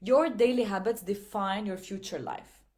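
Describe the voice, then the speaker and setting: A woman's voice: mid-range voice, normal speed, a little mellow. A woman hosting a self-help talk, speaking earnestly to her viewers, repeating phrases for emphasis and acting out inner voices. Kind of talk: motivational talk to camera.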